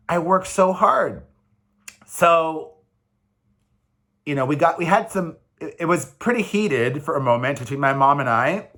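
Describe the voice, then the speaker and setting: Male vlogger, 40s, slightly high voice, rambling and emphatic, casual confessional delivery. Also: a bit bright. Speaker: vlogger, single father.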